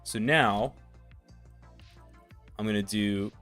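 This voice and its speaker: Expressive male streamer reciting and explaining. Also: fairly low pitch, slow, soft background music. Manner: reads verse expressively, swelling loud then sinking soft; casual, thinks aloud with fillers while working. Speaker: livestream host teaching tech setup. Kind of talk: live-streamed tutorial with a poetry reading.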